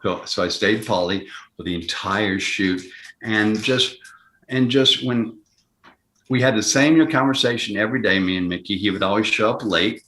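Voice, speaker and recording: An older man tells a long story as an interview guest. His voice sits lowish, and he stops and restarts often. He jumps up in pitch to act out the people he quotes, and the room around him is echoey. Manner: acts out quoted voices, jumping higher and louder; halting, with many restarts. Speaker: actor guest. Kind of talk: anecdotal storytelling. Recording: roomy echo.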